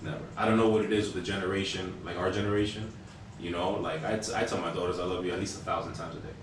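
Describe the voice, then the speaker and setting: A man in his thirties co-hosting a podcast, telling stories in a casual, animated way with plenty of fillers and casual swearing. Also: deep voice, very fast. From Hispanic household. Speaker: podcast co-host. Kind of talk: casual storytelling chat. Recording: echoey room, mic at a distance, faint hiss.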